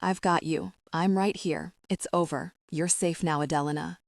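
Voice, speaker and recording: A woman voicing a protective middle-aged mafia boss who murmurs soft reassurances, in a dark romance audiobook. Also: fairly low pitch, steady tone, normal speed, vocal fry, no echo, clean studio sound. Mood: tender, soothing. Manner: soft, soothing, repetitive reassurance.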